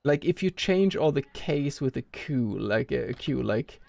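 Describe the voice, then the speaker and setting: A man's voice: medium pitch, lively intonation, unhurried, gravelly, darkish tone, no room sound. A man streaming a speedrun, rambling casually and thinking aloud with lots of filler words. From Norway. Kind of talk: casual live-stream chat while playing.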